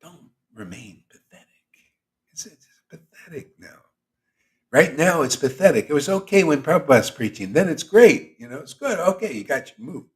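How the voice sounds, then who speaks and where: A man's voice: a little high, very animated, moderate pace, darkish tone. A man as spiritual teacher, giving a casual, teasing devotional sermon to an online group.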